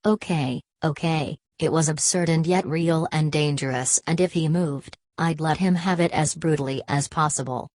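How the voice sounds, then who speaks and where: A woman reading a novel aloud as an audiobook narrator, voicing every character in one steady voice. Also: low voice, moderate pace, hardly any pauses, no echo. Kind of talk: scripted narration.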